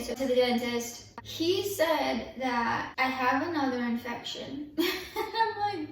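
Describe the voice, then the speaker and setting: A woman's voice: high-pitched, takes it slowly, distant mic. A woman vlogger telling her story casually and candidly while in pain after dental surgery. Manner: candid, chatty, expressive. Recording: echoey room, voice off-mic. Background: faint yard work noise outside.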